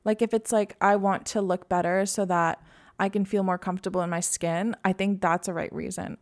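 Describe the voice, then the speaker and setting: A woman's voice: medium pitch, fairly even intonation, a little fast. A young woman co-hosting a casual podcast, chatty and upbeat, with lots of filler words. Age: young adult. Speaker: podcast co-host. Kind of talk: casual chat.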